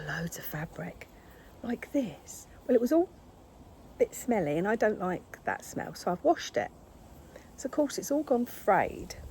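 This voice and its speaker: A woman's voice: mid-range voice, dark tone, a little hiss or hum. An older woman, chatting casually to camera at her craft table at home, scolding her cat in exasperation. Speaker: craft vlogger.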